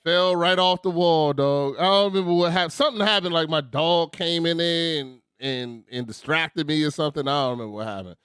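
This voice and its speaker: A man's voice: on the high side, fairly quick, few pauses, clear, resonant tone, no room sound, clean studio sound. A man, telling funny stories in a casual chat and laughing often. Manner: animated, laughing storyteller with slang. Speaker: podcast co-host.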